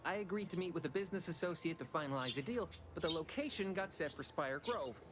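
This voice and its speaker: A man's voice: a little high, animated, fast, music in the background, natural voice. An actor playing a scheming, talkative corporate underling with folksy salesman patter in a video game. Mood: wheedling.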